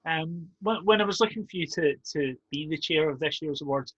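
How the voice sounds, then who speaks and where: Guy interviewing, polite measured questions, kinda high husky voice, dry. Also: fairly bright tone, no echo, muffled recording.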